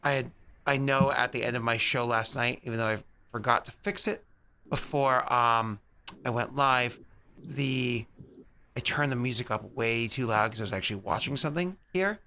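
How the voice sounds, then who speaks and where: A man's voice: medium pitch, normal speed, sharp tone, smooth. Rambling, chatty man hosting a stream. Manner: rambling, many fillers and restarts. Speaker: stream host. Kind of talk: casual pre-game chat.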